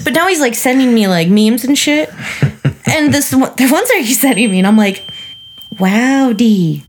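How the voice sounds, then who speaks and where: A woman's voice: sits high, expressive, fairly quick, a little hiss or hum. A woman co-hosting a podcast, telling stories in casual chat, flustered and giggly. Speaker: podcast co-host.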